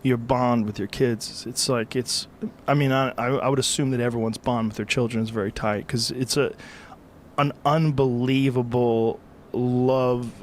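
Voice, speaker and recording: A man's voice: mid-range voice, level tone, normal speed, slight background noise. Middle-aged male podcast host, blunt, emphatic, swears casually in conversation.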